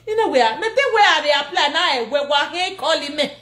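A social media personality rants to camera in Nigerian Pidgin English, her voice high-pitched and a little fast in an echoey room. She's animated and laughing as she scolds and mocks, switching between languages.

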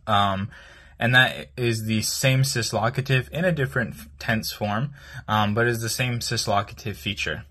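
A man teaching language, explaining a word piece by piece in a hesitant, explanatory way with many pauses and fillers. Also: on the low side, fairly even intonation, pushed and bright, breathy edge.

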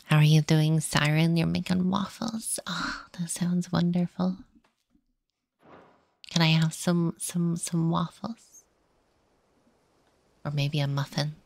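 A woman's voice: low-pitched, fairly even intonation, a little slow, vocal fry, darkish tone, no room sound. A woman streamer giving playful, chatty commentary while she plays, often talking to the game's characters. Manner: chatty, playful, talks to the game. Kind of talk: casual gameplay commentary. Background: game music.

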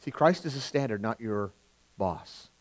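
A middle-aged male pastor preaching a sermon in a conversational way, swinging from loud emphasis to quiet asides. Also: medium pitch, lively intonation, measured pace. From California.

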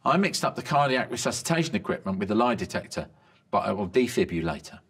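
Animated man telling jokes. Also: fairly low pitch, fast talker. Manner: lively joke delivery, bright voices for quoted lines. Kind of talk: reading a string of medical jokes.

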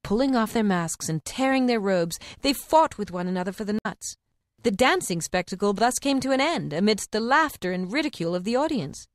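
A woman narrating fables for an audiobook in a measured, expressive reading. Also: medium pitch, no room sound, clean studio sound. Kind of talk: scripted storybook narration.

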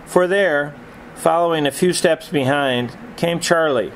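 A man narrating a story in a reflective, measured storytelling manner. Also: fairly high pitch, a little hiss or hum, poor audio. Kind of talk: storytelling reading.

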